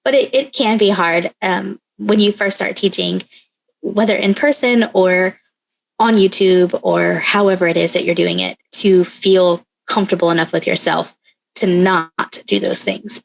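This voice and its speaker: A woman co-host with a gravelly, fry-heavy voice, talking in a relaxed chatty way. She is agreeable and often laughs or jumps in with a word. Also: medium pitch, moderate pace, low-quality recording. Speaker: podcast co-host. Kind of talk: casual chat.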